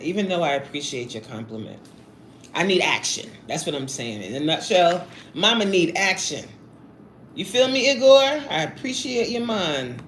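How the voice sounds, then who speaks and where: Woman, 40s, live-streamer; playful, chatty, talks while eating; roomy echo, faint hiss. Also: low-pitched. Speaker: livestreamer reading chat. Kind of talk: casual live-stream chat.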